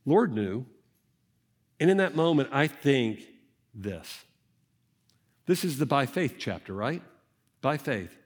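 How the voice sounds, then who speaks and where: A man's voice: mid-range voice, big pitch swings, slow, pauses often, slightly rough. A male pastor preaching a sermon in a conversational way, speaking directly to the congregation and often checking in with "right?". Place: church service.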